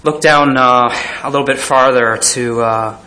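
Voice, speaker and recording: A man delivers a sermon in a bright, forward voice of middling pitch. He reads verses aloud, then breaks into frequent chuckles, with plenty of fillers and restarts as he thinks aloud. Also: a little slow. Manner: animated, chuckling often, reads scripture aloud. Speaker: pastor.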